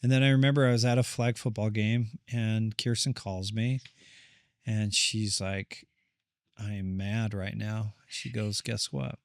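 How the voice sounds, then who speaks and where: A man's voice: lowish voice, fairly even intonation, unhurried, smooth, no room sound, studio quality. A man who is a therapist, a guest on a podcast, telling a family story in an earnest, rambling way and acting out what people said. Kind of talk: casual storytelling conversation.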